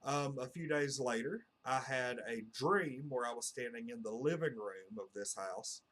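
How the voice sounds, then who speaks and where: A man's voice: medium pitch, measured pace, a bit bright. A man, telling a personal story to camera in a casual, meandering way full of "uh" and "you know.". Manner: earnest, meandering, heavy on fillers like "uh" and "you know". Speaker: channel host.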